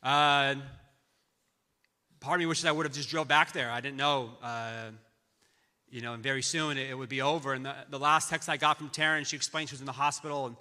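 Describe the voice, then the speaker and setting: A middle-aged man telling a personal tribute to a friend in a church, halting often and restarting his sentences. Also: medium pitch, fairly even intonation, bright, forceful tone. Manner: halting storytelling with many restarts. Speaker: friend giving a memorial tribute. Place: large church auditorium. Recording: reverberant church hall.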